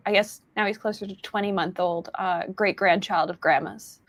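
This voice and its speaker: A woman's voice: medium pitch, fairly even intonation, normal speed, no echo. A woman hosting a casual podcast chat, rambling and laughing easily with lots of fillers. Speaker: podcast host.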